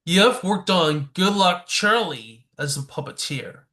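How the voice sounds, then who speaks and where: A man hosting a podcast, reading short prepared interview questions in a flat way. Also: sits high, measured pace. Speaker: podcast host.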